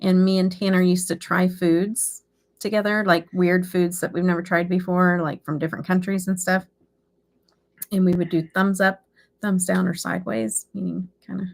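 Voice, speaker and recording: A woman's voice: on the low side, little pitch movement, normal speed, gravelly. A middle-aged woman hosting a beauty live stream, chatting casually and laughing often. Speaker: beauty channel host.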